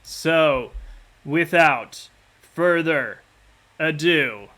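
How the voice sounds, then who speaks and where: Chatty male host, crisp bright voice, loose and upbeat. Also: fairly high pitch, extremely slow. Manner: upbeat, chatty and slightly scattered. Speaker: podcast and stream host. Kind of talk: casual live-stream chat.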